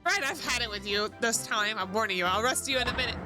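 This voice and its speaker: A woman voicing a gruff, bossy male police inspector who blusters and threatens in a game playthrough. The voice sits a little high. Steady music plays behind. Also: quick pace, natural voice. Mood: blustering. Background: background music.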